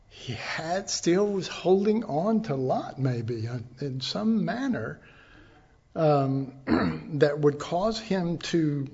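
A man delivering a sermon at an unhurried pace, his voice sitting a little high for a man. He teaches conversationally, tossing in asides and rhetorical questions to the congregation. The recording sounds somewhat dull and lo-fi. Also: darkish tone. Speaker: pastor.

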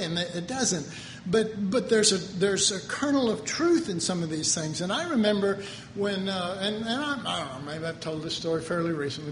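A man's voice: high voice, a bit bright, slight background noise. A man, preaching a conversational sermon with personal stories. He tells them in an earnest, folksy way and builds to emphatic preaching. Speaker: pastor. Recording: echoey hall with faint ambience.

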